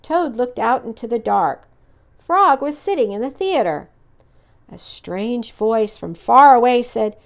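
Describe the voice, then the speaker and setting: A woman reading a children's picture book aloud in an expressive, animated way. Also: a little high, measured pace, vocal fry. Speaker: storyteller.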